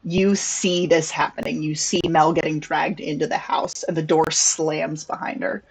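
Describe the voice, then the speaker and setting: A woman narrating as game master of a tabletop role-playing game, in a relaxed, casual way. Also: low voice, normal speed, gravelly, husky, rough recording.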